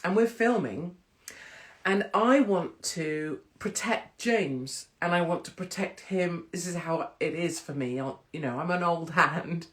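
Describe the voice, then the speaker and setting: A woman's voice: on the low side, measured pace. A middle-aged woman chatting candidly to camera, blunt and rambling, swearing freely. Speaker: vlogger.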